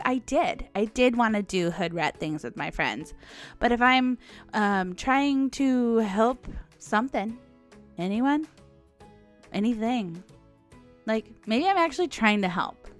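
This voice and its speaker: Lady rambling thru a story, laughs a lot, faint music under it. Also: a little high. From United States. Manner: chatty, laughs often, animated retelling. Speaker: podcast host. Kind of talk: casual storytelling monologue.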